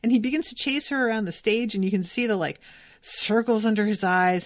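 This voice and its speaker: Woman podcast host, chatty recap, mid-pitched voice, dry close mic. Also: fairly quick, no echo. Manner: chatty, lots of "like" fillers, amused asides. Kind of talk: casual episode recap.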